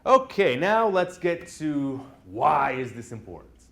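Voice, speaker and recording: A man's voice: fairly high pitch, very animated, measured pace, creaky, a bit bright. A man lecturing college students in a classroom, telling personal stories in a conversational way and often checking in with the class.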